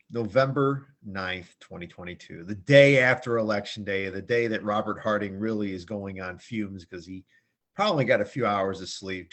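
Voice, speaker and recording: A man's voice: lowish voice, a bit bright. A man hosting a sports picks show in a chatty, jokey, rambling way. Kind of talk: casual sports picks chat.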